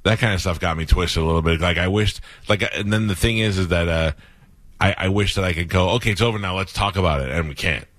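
A man's voice: deep voice, fast talker, a bit bright, no room sound. A man hosting a radio interview, telling rambling stories in a casual chat with frequent restarts. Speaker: radio host.

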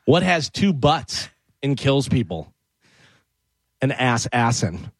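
Playful joke-reading man, lively pitch. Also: slow pace, no room sound, clean studio sound. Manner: playful, reading jokes aloud. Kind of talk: casual studio banter.

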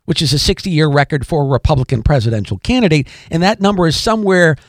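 A man's voice: fairly high pitch, animated, fast talker, no echo, clean studio sound. A man hosting a podcast, delivering an emphatic political commentary monologue, repeating key phrases and addressing listeners directly. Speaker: podcast host.

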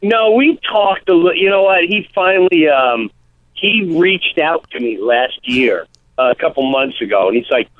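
A comedian in a casual radio interview, telling animated stories and acting out quotes. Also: male voice, a little high, moderate pace, dry recording. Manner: animated storytelling, acts out quotes. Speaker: comedian guest. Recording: tinny phone-line sound.

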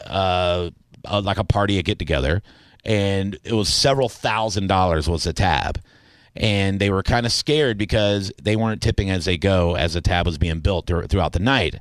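A middle-aged man hosting a radio talk show, chatting in a playful, animated way with slangy banter. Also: low voice, normal speed, dry recording.

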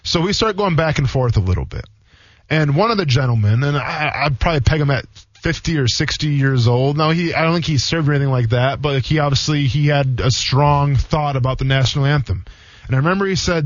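A man in his thirties talks fast and rambles through a story on a sports radio show, with lots of filler words. His voice sounds dry and close, and the broadcast audio is dull and lo-fi. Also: mid-range voice, dry recording. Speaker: sports radio co-host, former NFL player. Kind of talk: casual radio chat, storytelling.

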